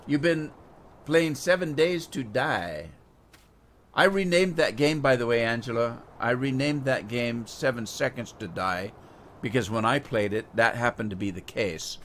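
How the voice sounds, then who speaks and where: A middle-aged American man live streams a farming game, chatting casually and addressing viewers by name in a rambling, easygoing way. His voice is mid-range, a little slow and a bit bright, with slight background noise.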